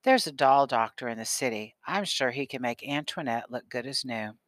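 A man voicing a gentle pleading storybook mother. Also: mid-range voice, animated, normal speed, dry recording, natural voice. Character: kind worried mother of a girl.

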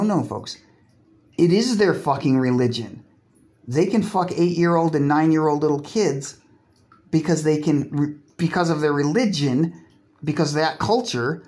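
Lying in a bathtub, a man delivers a solo podcast monologue that is profane, sarcastic and provocative, often breaking off and restarting words. His voice is a little high and a little mellow, at a normal speed.

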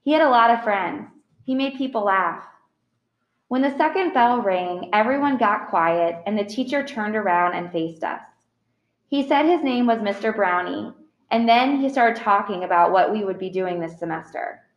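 A woman's voice: mid-range voice, animated, moderate pace, lo-fi sound. Audiobook reader: a woman, earnest first-person narration, roomy echo.

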